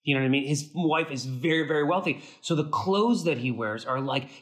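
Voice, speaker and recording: A man chatting as an interview guest, with a fairly high voice. He tells his stories in quick bursts and acts out every quoted line. His speech is loose and full of restarts. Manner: animated, acts out quoted dialogue with big pitch jumps; frequent fillers and restarts, fast bursts. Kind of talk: casual interview storytelling.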